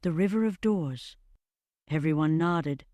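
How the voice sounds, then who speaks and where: A narrator reading a fantasy story slowly and evenly, in a scripted storybook style. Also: mid-range voice, dry recording, clean studio sound. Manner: slow, measured and even.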